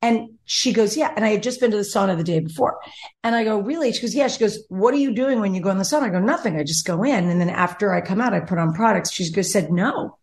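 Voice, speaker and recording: The host is a young adult woman with a medium-pitched, darkish-toned voice who speaks fast. She rambles through a story in a casual podcast chat, voicing what others said in a chatty way.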